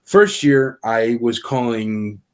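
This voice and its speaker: A man's voice: medium pitch, slow pace, clear, resonant tone. A man telling stories in a casual podcast chat, acting out quoted dialogue as he goes. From Nashville area. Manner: animated storyteller, acts out quoted dialogue. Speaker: convention organizer guest.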